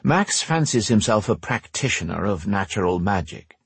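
A wry young mage, dry and offhand, with a low husky voice that rises for his quips, as a narrator plays him. The reading is close and dry, like a storybook. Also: sing-song, normal speed, dry recording, full character voice.

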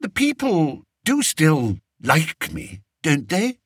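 A man's voice: huge pitch swings, slow, a bit bright, breathy edge, no echo, clean studio sound, exaggerated voice. A man doing a fretful vain young king. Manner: anxious, plaintive, high-pitched. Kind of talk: audiobook character voice.

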